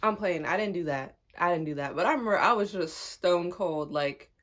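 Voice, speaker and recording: A young woman tells a personal story in a casual chat at a moderate pace, sounding animated and laughing often, with her pitch jumping up whenever she's amused. Slight background noise can be heard.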